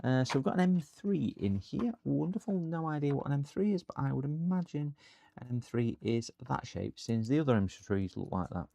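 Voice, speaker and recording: A man's voice: mid-range voice, animated, moderate pace, creaky, warm tone, no room sound. Chatty man narrating a repair. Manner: rambling, chatty, talks to viewers while working. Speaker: repair channel host. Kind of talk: live-streamed repair commentary. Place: repair workshop.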